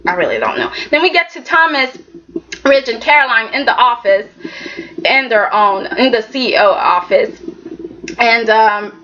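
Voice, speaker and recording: A woman chatting casually as a soap opera reviewer, animated, sassy and rambling. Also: on the high side, moderate pace. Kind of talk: casual chat. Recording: dull lo-fi recording.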